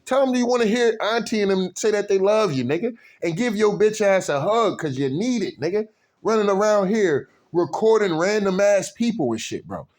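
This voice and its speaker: A man ranting on camera in a profane, animated way, with constant slang fillers, indignant outbursts and low muttered asides. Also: moderate pace. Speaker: video commentator. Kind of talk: unscripted rant to camera.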